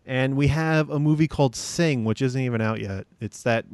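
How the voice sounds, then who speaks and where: A man's voice: medium pitch, normal speed, a little mellow, smooth, no echo. Hesitant man with a dry podcast mic. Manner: hesitant, lots of ums and restarts. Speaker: podcast co-host. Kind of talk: casual chat.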